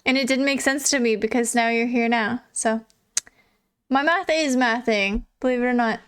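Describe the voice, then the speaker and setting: A woman's voice: on the high side, moderate pace, clean tone. A young adult woman livestreamer chatting casually with viewers, swearing freely and laughing often. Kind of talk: casual chat reading viewer messages.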